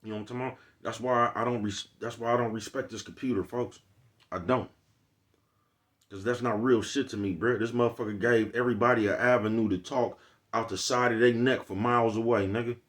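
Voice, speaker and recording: A man's voice: mid-range voice, fairly even intonation, fairly quick. A man with an African American Vernacular English accent, talking in a loose, slangy, preachy monologue to his viewers. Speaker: vlogger. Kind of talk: casual street monologue.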